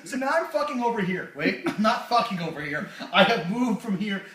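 A man hosts his own amateur stand-up show at home, rambling and crude with lots of fillers. His voice is high and bright. It is recorded from across an echoey room. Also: lively intonation, brisk, recorded from a distance. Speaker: host.

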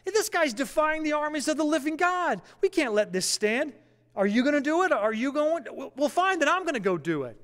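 A preacher doing young David, indignant and high. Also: male voice, very animated, a little fast, a bit bright, long reverb tail, heavily acted. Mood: incredulous. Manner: incredulous, pressing questions. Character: indignant young shepherd boy urging soldiers to fight.

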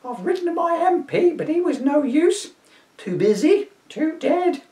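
A man voicing a shrill, indignant old village woman in a high, quavering crone voice. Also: big pitch swings, a little slow, dark tone, distant mic, exaggerated voice. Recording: roomy echo, voice from off-mic.

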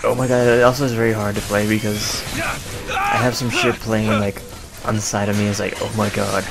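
A man's voice: fairly low pitch, flat delivery, fairly quick, creaky, over loud music. A young man casually commenting on a video game he is playing, rambling, profane and sarcastic. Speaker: gameplay commentator. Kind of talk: casual let's play commentary.

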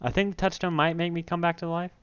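A man hosting a let's play, chatting casually while gaming and breaking into loud startled exclamations. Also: a little high, flat delivery, fast, clear, resonant tone, no echo, highs cut off.

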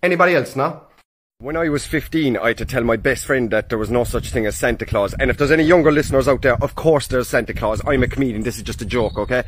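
A man's voice: medium pitch, fast, few pauses, slight background noise. A young man with a Cork Irish accent telling stand-up stories as a comedian, chatty and always asking "do you know what I mean". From Ireland. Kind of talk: stand-up storytelling monologue.

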